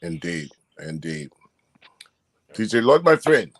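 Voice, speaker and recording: A man in casual talk as a guest, measured and emphatic. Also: deep voice, sing-song.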